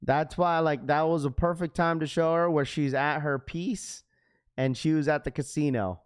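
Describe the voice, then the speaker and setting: A man's voice: on the high side, steady tone, moderate pace, clean tone. Slangy man hosting a sneaker livestream. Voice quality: slangy, says "bro" often. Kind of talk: casual livestream chat.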